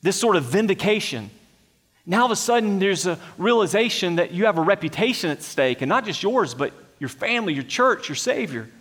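A man's voice: high-pitched, very animated, brisk, a bit bright, in a large hall. A man preaching a sermon, earnest and emphatic, asking rhetorical questions of his congregation. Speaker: pastor.

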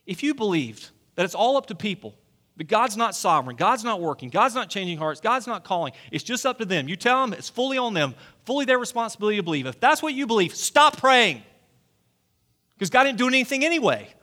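A man's voice: high voice, sing-song, brisk, pushed and bright. A man in his forties preaching a sermon in a church, earnest and pleading, often asking the listeners questions. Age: 40s. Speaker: pastor. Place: church sanctuary.

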